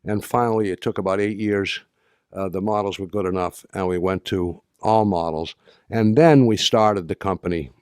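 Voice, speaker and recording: An older man giving an anecdotal talk to an audience, halting with restarts and dry humor. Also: low-pitched, darkish tone, clean tone, no echo. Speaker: speaker addressing an audience.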